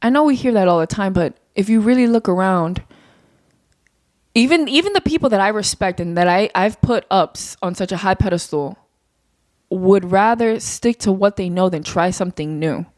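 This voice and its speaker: On her solo podcast, a young woman talks in a loose, rambling, candid way, dropping casual swears. Her voice sits mid-range with lively intonation and a slightly mellow quality, at a normal pace, recorded in a clean studio without echo.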